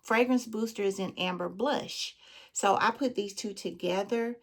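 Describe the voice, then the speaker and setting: A woman's voice: mid-range voice, a little slow. A woman with a Southern US accent, chatting casually with her viewers as a beauty vlogger and calling them friend and girl. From Southern United States. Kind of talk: casual chat.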